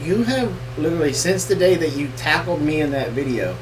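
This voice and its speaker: A man's voice: a little high, animated, brisk. A man co-hosting a casual live question-and-answer chat, joking and teasing as he talks. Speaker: co-host of homestead channel. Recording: distant mic with noisy background.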